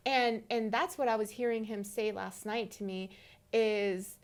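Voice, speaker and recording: A woman in her thirties co-hosting a podcast, telling a story in a casual, animated way and acting out the dialogue. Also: mid-range voice, unhurried. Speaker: podcast co-host. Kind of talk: casual conversation.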